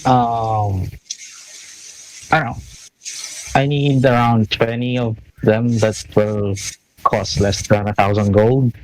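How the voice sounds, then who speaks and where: Slow, low-voiced player man. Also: steady tone, darkish tone, rough recording. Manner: brief, hesitant with fillers. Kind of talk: tabletop role-play chat.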